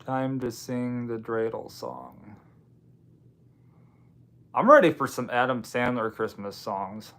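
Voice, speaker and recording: He's a livestream host from Washington State, chatting casually and answering viewer comments with dry little asides and frequent ums. His middle-pitched voice goes straight into a home streaming mic, and he takes it slowly with many pauses.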